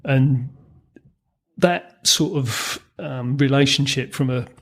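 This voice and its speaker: A gravelly-voiced man in his fifties, sharing long anecdotes as an interview guest. He chuckles as he talks and loops back with ums and false starts, a rough grain running under his ordinary mid-range voice. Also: mid-range voice, slow pace. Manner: anecdotal, chuckles through his stories, many ums and restarts. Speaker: guest, former racing mechanic. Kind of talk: storytelling in a podcast interview.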